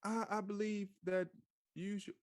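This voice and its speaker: Guy imitating some dude stuttering out weird beliefs, high voice, real dry sound. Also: little pitch movement, unhurried, no echo. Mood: rambling. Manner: stammering, repeats "I believe". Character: rambling grown man stammering out nonsense beliefs.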